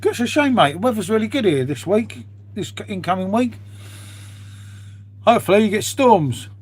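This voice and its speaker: A man with a husky, slightly raised voice chats to viewers in a loose live-stream ramble. He swears freely and drops "mate" into nearly every line. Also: high-pitched, animated, moderate pace. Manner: chatty, swears freely, says "mate" constantly.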